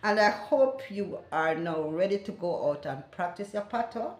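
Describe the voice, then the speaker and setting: Older jamaican lady teaching slang, excitable, laughs a lot, kinda echoey room. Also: mid-range voice, normal speed. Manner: animated, laughing, bursts into loud exclamations. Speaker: language teacher vlogger. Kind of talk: casual teaching vlog.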